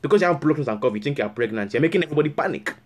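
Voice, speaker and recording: A man's voice: on the high side, lively intonation, racing. A man making a prank call as a fake counselor, scolding and repeating himself angrily. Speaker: prank caller posing as a counselor.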